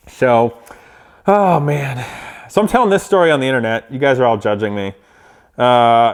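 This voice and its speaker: A man's voice: medium pitch, lively intonation, normal speed. A man casually telling a story to camera, laughing often and acting out what people said. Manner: laughs often, acts out quotes animatedly. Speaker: vlogger.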